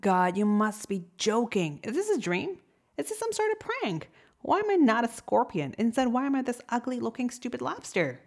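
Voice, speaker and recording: A woman's voice: medium pitch, very animated, normal speed. A woman voicing a grumpy, despairing male lobster in a storybook tale, with exasperated, whiny outbursts.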